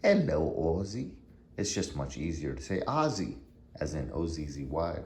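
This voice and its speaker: A man's voice: rumbling low, brisk, darkish tone, husky. A middle-aged man casually reviewing gear in a vlog, rambling and drifting off on tangents.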